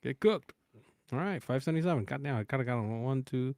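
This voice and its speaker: A man with a mid-pitched voice, recorded dry and close with no room sound. He runs giveaways on a stream in a loose, chatty way, often counting numbers quietly under his breath. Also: animated, fast talker, no echo. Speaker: livestream co-host running giveaways. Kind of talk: casual livestream chat.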